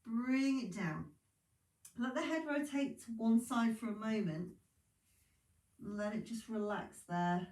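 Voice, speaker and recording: A woman's voice: on the high side, a little slow, pauses often, distant mic. Woman leading a pilates class. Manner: calm, encouraging, chatty asides. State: sleepy, yawning. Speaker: pilates instructor. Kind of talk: guided exercise class instructions. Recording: echoey room, voice from off-mic.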